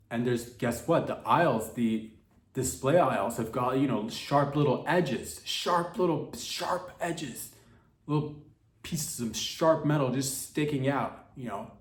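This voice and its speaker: A man hosting a podcast, telling a rambling mock-dramatic comic story in slangy speech. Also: medium pitch. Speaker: podcast host. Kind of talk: rambling comedic monologue. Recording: echoey room.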